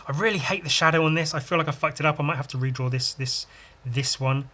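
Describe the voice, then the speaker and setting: A man's voice: on the high side, fast talker, bright, forceful tone. A man hosting a drawing podcast, rambling on his own and telling crude, self-mocking jokes while he works. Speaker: podcast host and illustrator. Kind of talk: casual drawing-podcast monologue.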